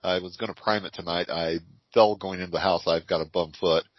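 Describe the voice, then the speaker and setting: A man's voice: low voice, brisk, no echo. An older man co-hosting a podcast, chatting casually and telling stories with frequent laughs. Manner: lively storyteller with frequent laughs. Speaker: podcast co-host. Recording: dry, dull lo-fi audio.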